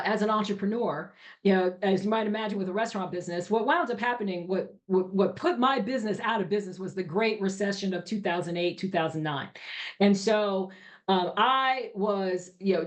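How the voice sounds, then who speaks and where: A middle-aged woman guest in an interview, telling her story in an animated, emphatic way and often checking in with "you know" and "right?". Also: medium pitch. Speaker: entrepreneur guest.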